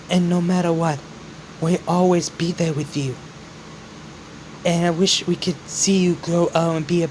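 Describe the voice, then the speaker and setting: Casting: man reading a soft, loving ghost mother, hushed and proud. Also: sits high, slight background noise, rough recording.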